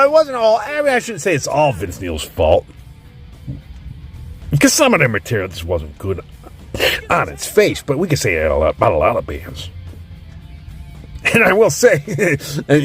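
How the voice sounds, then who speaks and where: Guy cussing thru a music ranking rant, voice jumps all over, faint music behind. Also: deep voice. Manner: profane, opinionated, ranting. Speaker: host.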